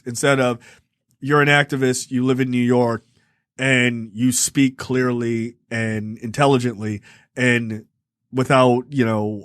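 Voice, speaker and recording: A man co-hosting a casual film review podcast, animated and profane, laughing often and slipping into mimicked voices. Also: medium pitch, no room sound, studio quality. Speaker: podcast co-host.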